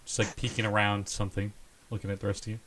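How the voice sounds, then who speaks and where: A man playing a tabletop game, making quick joking remarks. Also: lowish voice, flat delivery, a bit bright, a little hiss or hum, rough recording. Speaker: player. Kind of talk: casual tabletop play.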